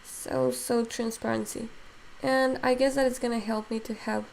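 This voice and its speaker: Woman, fairly high voice, strained, live-stream tutorial, chatty with fillers. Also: little pitch movement, moderate pace, vocal fry, darkish tone, slight background noise. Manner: thinks aloud with many fillers, answers chat comments. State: voice strained and tiring. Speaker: digital sculpting instructor.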